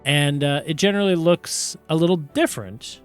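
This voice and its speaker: A man narrating a tabletop game as game master, relaxed with many fillers. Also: a little high, moderate pace, smooth, soft background music. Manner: relaxed, lots of fillers and self-corrections.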